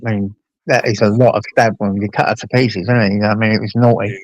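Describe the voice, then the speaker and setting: A man hosting a casual chat, talking bluntly with plenty of swearing and lively storytelling. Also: fairly low pitch, a little fast, no echo, lo-fi sound. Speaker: host.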